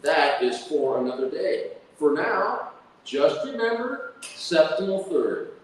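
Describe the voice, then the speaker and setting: A man lectures on music at a slow, deliberate pace, often humming phrases on da syllables to show a point. His voice sits fairly high for a man and is heard from a distance. A long, echoing hall reverb surrounds it. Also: sing-song, slight background noise. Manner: hums and sings melodies with da-da syllables. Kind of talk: academic lecture with sung examples. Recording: echoey hall from far off.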